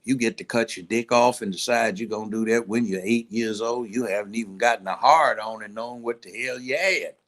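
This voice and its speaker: A man who is a judge, giving a blunt, profane, animated opinion during a talk show chat. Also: lowish voice, brisk, hardly any pauses.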